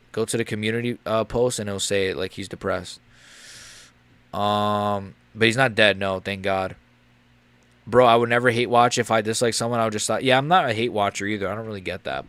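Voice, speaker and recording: A young man live-streaming a fight watch-along, rambling and crude, quick to get loud. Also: lowish voice.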